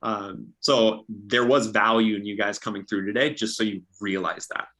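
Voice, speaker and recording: Young man, real estate agent type, upbeat coaching delivery with a bright, forward tone. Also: on the low side, little pitch movement, moderate pace. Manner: upbeat, practical, acts out sample dialogues. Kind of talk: casual coaching talk.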